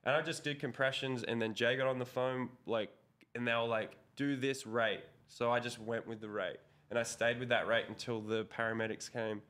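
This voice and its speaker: Brisk and fairly bright, this mid-range voice barely moves in pitch. It belongs to a young Australian man, a pro BMX rider on a casual interview, who rambles through a story full of fillers and curses.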